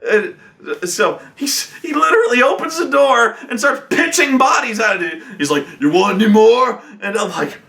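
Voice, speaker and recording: A man in his thirties telling tabletop game stories in an excitable, profane way, acting out players with loud outbursts. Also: very high-pitched, normal speed. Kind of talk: animated storytelling chat.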